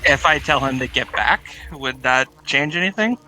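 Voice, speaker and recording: A man's voice: mid-range voice, moderate pace, bright, forceful tone, low-quality recording. A man playing in a tabletop game, speaking hesitantly and starting with fillers. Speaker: player. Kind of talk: casual game chat.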